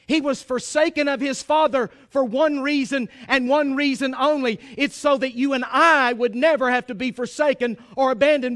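A man preaching a sermon in an emphatic, pleading way, at times rising to a shout. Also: very high-pitched, steady tone, normal speed, hardly any pauses.

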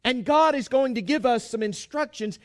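A pastor giving a sermon, retelling a Bible story with humour and acting out the dialogue. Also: male voice, very high-pitched, moderate pace.

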